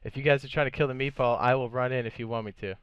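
A man giving live, excitable commentary while streaming a game, swearing and laughing often. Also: medium pitch, very fast, smooth, no echo, highs cut off.

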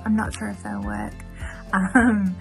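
A woman with a gravelly voice, casually sending birthday wishes to her aunt on video. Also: medium pitch, little pitch movement, slow, music in the background. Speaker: niece sending a birthday message. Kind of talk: casual recorded video message.

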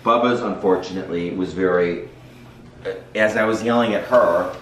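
Low-voiced guy telling a story, really animated, echoey room. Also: moderate pace, slight background noise. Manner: animated anecdote-telling with laughs. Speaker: vlogger's partner. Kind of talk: casual storytelling.

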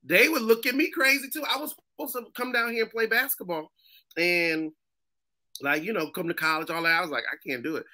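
Brief: comedian guest, male, from Massachusetts, very bright voice, lively storytelling in casual chat. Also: high-pitched, fairly quick. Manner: animated storyteller, acts out other people's voices.

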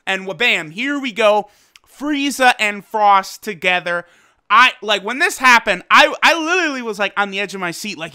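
Male reviewer, casual and excitable; high, crisp voice. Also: normal speed. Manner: excitable, loose slang, lots of fillers. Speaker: anime episode reviewer. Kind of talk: casual commentary.

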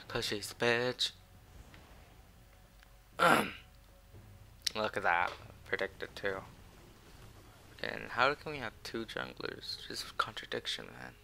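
A man's voice: fairly low pitch, slow, creaky, long pauses, pushed and bright. A man giving live commentary while playing a video game, ranting and swearing, flipping between muttered whispers and outbursts. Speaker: gamer playing online.

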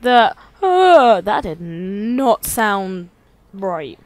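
A young woman commentating on a video game, excitable and quick to swear, her pitch bouncing all over the place. She chats to the characters as if they could hear her, in a loose, casual way. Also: no echo. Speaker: let's play host.

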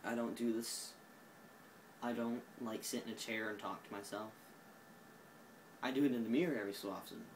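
A man's voice: fairly low pitch, moderate pace, pauses often, a little hiss or hum, rough recording. A tired man with an Oklahoma accent, rambling goofily through a casual vlog monologue recorded on a phone while sitting indoors. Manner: goofy, drifting, self-mocking. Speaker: vlogger.

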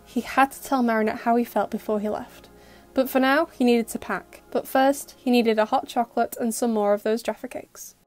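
A woman narrating an audio story with a steady, expressive delivery. Her voice sits fairly high, and soft music plays faintly beneath it. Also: normal speed.

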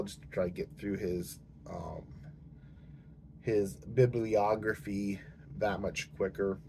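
Man, low voice, casual book-channel chat, rambling with lots of ums, hiccups, faint room hiss. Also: a little mellow. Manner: rambling, hesitant, many fillers and restarts.

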